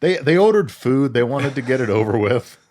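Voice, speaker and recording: A man's voice: mid-range voice, animated, fairly quick, a little mellow, slight background noise. A man co-hosting a podcast, casually recapping a film with crude jokes. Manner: laid-back storyteller, crude jokes. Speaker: podcast co-host. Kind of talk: casual movie recap chat.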